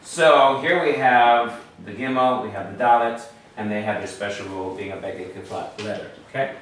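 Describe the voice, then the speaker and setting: A man's voice: on the low side, moderate pace, a bit bright. A man teaching a class, explaining patiently step by step and checking in with his students. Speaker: Hebrew teacher. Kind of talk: classroom lesson. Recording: echoey room from far off, faint noise.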